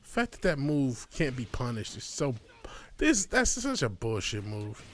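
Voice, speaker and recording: A man streaming a video game live, ranting with profanity and swinging between low mutters and sudden angry shouts at the game, from his home studio. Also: wildly swooping pitch, measured pace, background noise. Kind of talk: live gaming stream commentary.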